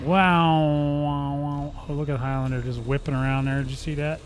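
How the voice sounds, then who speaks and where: A man's voice: fairly high pitch, level tone, moderate pace, a little hiss or hum. A man hosting a gaming channel, giving joking, playful commentary while he plays and making gun sounds with his mouth. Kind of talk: live gameplay commentary.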